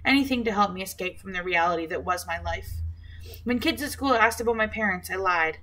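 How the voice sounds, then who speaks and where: A woman reading a first-person novel as an audiobook, in a measured, reflective manner. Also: medium pitch, sharp tone, low-quality recording. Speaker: audiobook narrator.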